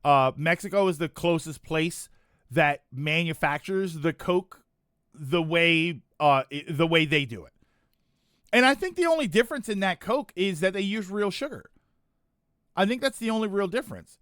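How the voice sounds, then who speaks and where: Guy streamer rambling to chat, pretty high voice, dry close sound. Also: animated, normal speed, a bit bright, no echo. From United States. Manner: rambling, self-correcting, chuckling asides. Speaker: streamer chatting with viewers. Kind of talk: casual chat reading chat comments.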